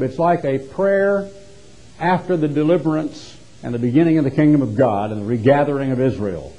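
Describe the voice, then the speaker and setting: Emphatic preacher man, mellow voice. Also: medium pitch, expressive, brisk, muffled recording. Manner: emphatic, rhetorical questions, wide swings in loudness. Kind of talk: sermon.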